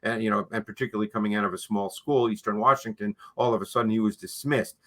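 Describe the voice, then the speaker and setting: A man with a bright, forceful voice co-hosts a football analysis show. He explains players in an emphatic, teacherly way and keeps tagging his points with a quick "okay?". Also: fairly low pitch, fairly even intonation. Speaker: football film analyst, co-host. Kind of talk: analytical sports discussion.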